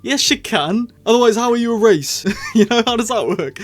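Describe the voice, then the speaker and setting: A man giving a casual, rambling spoken review, opinionated and full of restarts and quick laughs. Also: very high voice, expressive. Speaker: show reviewer.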